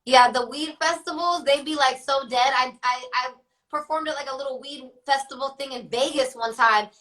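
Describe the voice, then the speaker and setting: Bright chatty young woman, laughing often. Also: sits high, normal speed, rough recording. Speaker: rapper guest. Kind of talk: casual interview.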